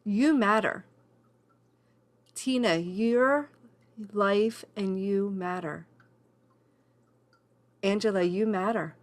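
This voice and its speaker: A woman's voice: medium pitch, drawn-out words, pauses often. A woman leading a live online women's class over a video call, earnest and emotional, encouraging people by name.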